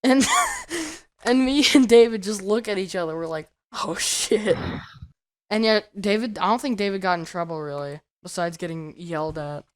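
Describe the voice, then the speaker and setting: A man's voice: sits high, brisk, hardly any pauses, clear, resonant tone. A teenage boy hosting a casual podcast with friends, laughing through his words and swearing casually. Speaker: podcast host.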